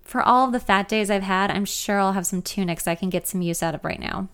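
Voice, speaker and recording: A woman's voice: medium pitch, brisk, a bit bright, clean tone, natural voice. A woman doing a bossy pregnant know-it-all friend. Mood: fretting. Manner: confident, chatty, a little smug.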